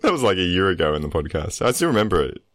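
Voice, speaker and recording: A man co-hosting a casual gaming podcast tells stories in a sing-song, rapid-fire voice, laughing frequently and restarting his sentences a lot, with giggly high bursts. There's background noise behind him.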